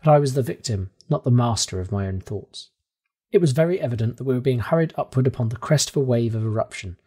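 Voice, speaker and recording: A man narrating a classic novel aloud in a steady, measured first-person storytelling manner. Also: medium pitch, slightly rough. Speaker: audiobook reader.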